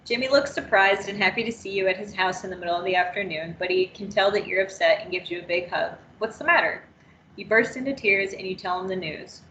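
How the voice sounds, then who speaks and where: A woman trainer reading an interactive story aloud in the second person, steady and unhurried. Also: medium pitch, roomy sound, a little hiss or hum, rough recording.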